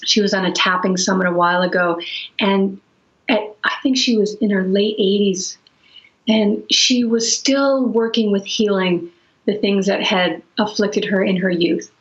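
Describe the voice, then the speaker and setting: A woman's voice: medium pitch, steady tone, measured pace, lo-fi sound. A woman yoga and energy teacher talking earnestly and fluidly in a webinar, often restarting her phrases. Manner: earnest and flowing, with many restarts and soft fillers. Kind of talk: webinar talk.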